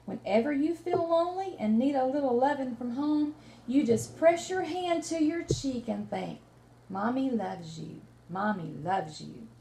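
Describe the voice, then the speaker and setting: Woman doing a soft-spoken storybook mother raccoon, sweet and gentle, slightly high voice. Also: animated, normal speed. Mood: tender. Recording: roomy room with faint noise.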